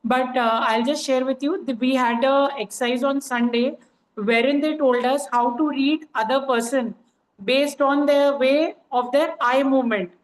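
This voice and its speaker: Woman, high voice, chatty, filler-heavy, echoey room. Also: fairly even intonation, moderate pace. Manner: conversational, frequent "you know" fillers. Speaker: coaching participant sharing experience. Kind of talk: casual online group call.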